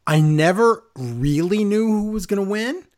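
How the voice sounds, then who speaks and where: A man co-hosting a casual wrestling recap podcast, sarcastic and lively as he runs through the night's events. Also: high voice, a little slow. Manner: animated, sarcastic play-by-play.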